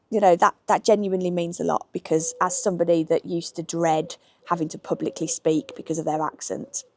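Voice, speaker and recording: A woman's voice: mid-range voice, a little mellow, no room sound. A middle-aged woman from Birmingham with a Brummie accent, chatting candidly with frank asides as she answers viewers' questions outdoors in a garden. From Birmingham, England. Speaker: history YouTuber.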